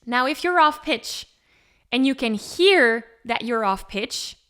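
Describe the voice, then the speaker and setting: A woman vocal coach explaining pitch step by step in an encouraging way, with short sung demonstrations. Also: lively intonation, takes it slowly, fairly bright tone, clean tone. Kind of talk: singing lesson with sung demonstrations.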